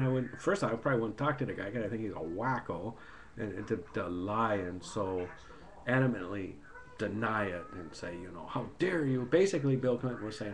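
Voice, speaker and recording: A man's voice: on the low side, a little hiss or hum. A man ranting in a casual, rambling and heated way into a webcam, repeating himself as he goes. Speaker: video blogger. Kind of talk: casual political rant.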